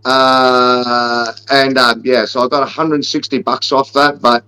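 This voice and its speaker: A man's voice: medium pitch, level tone, measured pace, bright, forceful tone, clean tone, poor audio. A man, co-hosting a casual podcast and joking through brash, swearing rants. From Australia. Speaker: podcast co-host.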